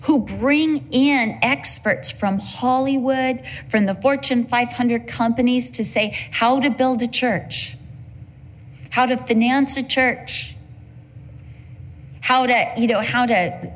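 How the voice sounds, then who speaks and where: A woman's voice: high voice, husky. A middle-aged woman preaching a sermon, earnest and emphatic, driving points home with repeated phrases.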